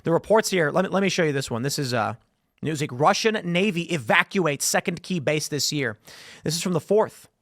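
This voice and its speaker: A man's voice: a little high, lively intonation, brisk, fairly bright tone, no echo. Rambling male political commentator, dry studio. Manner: rambling, repeats words, reads headlines aloud. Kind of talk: solo news commentary.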